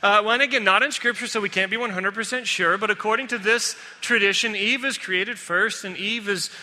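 A man delivers a sermon with a high, very bright voice. He talks in an emphatic, conversational way and tells stories as he goes. His words ring out with the long reverb of a large hall. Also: fairly even intonation, a little fast. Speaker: pastor.

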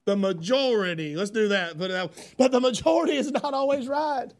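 A man preaching a sermon, loud and folksy with fervent emphasis. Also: extremely high pitch, a little fast, hardly any pauses. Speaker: pastor.

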